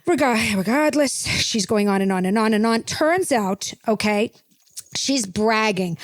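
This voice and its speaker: A woman's voice: a little high, lively intonation, a little slow, no echo, clean studio sound. A woman hosting a comedic podcast, rambling and gossipy, tacking "okay?" onto her points. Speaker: podcast host.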